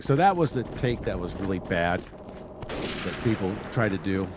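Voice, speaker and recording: A man hosting a livestream, delivering a blunt, combative political monologue with frequent profanity. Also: fairly low pitch. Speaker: livestream host. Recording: noisy livestream audio.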